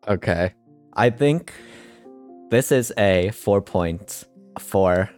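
A man's voice: lowish voice, animated, very slow, darkish tone, clean tone, faint music behind. A man co-hosting a casual podcast, easygoing, giving short replies and laughing often. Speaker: podcast co-host. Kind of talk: casual chat.

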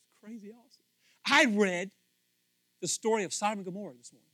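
A man preaching a casual sermon, animated and acting out little scenes with different voices. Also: sits high, fast, no echo.

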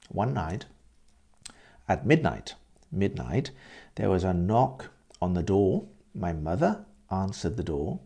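A man teaching English through storytelling, speaking very slowly and repeating himself so learners can follow. His voice is low and gravelly, with a dark, mellow tone and lively swings in pitch. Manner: repeats words, explains vocabulary.

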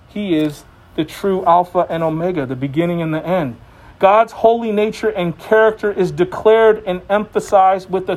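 A man's voice: high-pitched, a little mellow. A male preacher giving a sermon in a conversational way, with jokes between the teaching. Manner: conversational and joking.

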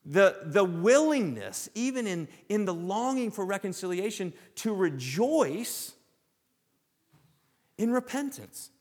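A man preaching a sermon to his congregation with a lively, sweeping delivery, his voice riding up and down as he poses question after question. His pitch sits a touch high for a man, and the long reverb of a church hall trails each phrase. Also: slow pace. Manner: animated preaching, rhetorical questions, swings from loud to hushed. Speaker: pastor.

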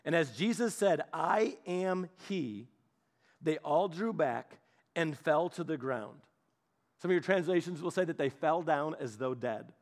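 A male preacher retells a story with playful, animated energy and quick asides to his listeners. His voice sits high and swings widely in pitch, bouncing from hushed narration to bright emphasis.

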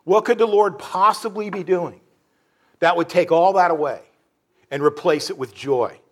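A man preaching a sermon in an earnest, halting way, with many restarts and fillers. He drops low and soft on sorrowful phrases. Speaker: pastor.

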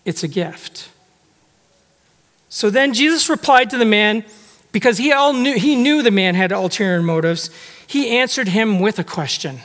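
A man's voice: sits high, lively intonation, normal speed, a bit bright. A man preaching a sermon in a church, talking conversationally and putting rhetorical questions to the congregation. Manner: acts out quoted speech with shifting tone. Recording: long hall reverb.

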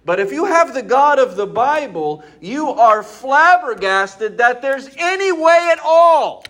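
A man's voice: very high-pitched, big pitch swings, measured pace, fairly bright tone. A man preaching a sermon as pastor, conversational and emphatic, posing rhetorical questions to his congregation.

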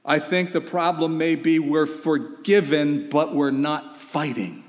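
A man's voice: a little high, slow pace, few pauses. A man preaching a sermon, emphatic and urgent, putting rhetorical questions to his listeners. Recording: long reverb of a hall.

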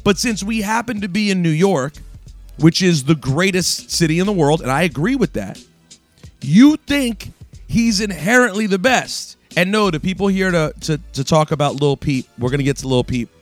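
A sports talk radio host rants in an emphatic, opinionated monologue aimed straight at his listeners. His voice sits high with lively intonation at a moderate pace, with faint music behind him.

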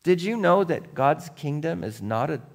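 A man pastor delivering a conversational sermon, dropping to a hush and then rising to emphatic points while asking his listeners direct questions. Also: fairly high pitch, lively intonation, normal speed, creaky, long reverb tail. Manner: conversational, swings between hushed and emphatic; asks the congregation direct questions.

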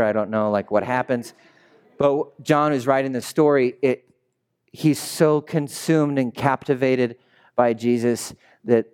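A male pastor delivers a sermon with a smooth, resonant voice at an everyday middle pitch. He tells the story dramatically, swinging from loud shouts to quiet, hushed lines. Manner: animated storytelling preacher, swinging between shouts and hushed asides.

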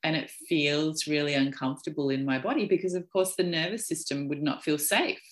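A woman's voice: low voice, brisk. A woman coach in a casual podcast conversation, chatty, acting out quotes with a laugh.

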